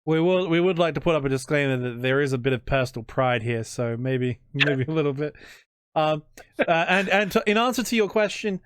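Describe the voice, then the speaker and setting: An Australian man hosting a history channel, chatting casually in an interview, joking and self-deprecating with halting restarts. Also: on the high side, smooth, no echo, studio quality.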